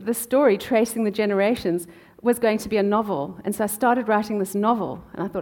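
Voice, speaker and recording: Chatty South African-born woman author. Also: medium pitch. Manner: warm storytelling with frequent "um" pauses. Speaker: author and guest. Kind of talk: conversational interview answers.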